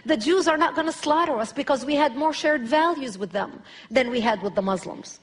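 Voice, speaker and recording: A woman's voice: sits high, fairly quick. A woman, giving a public speech as an emphatic personal testimony. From Lebanon. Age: 40s. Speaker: speaker.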